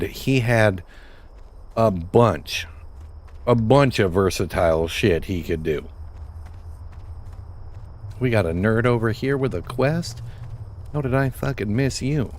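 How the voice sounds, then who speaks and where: A man's voice: on the low side, takes it slowly, pauses often. A young man streaming a game live, chatting off the cuff with lots of swearing and jokes. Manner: profane, joking, off-the-cuff. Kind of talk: casual gaming live stream commentary.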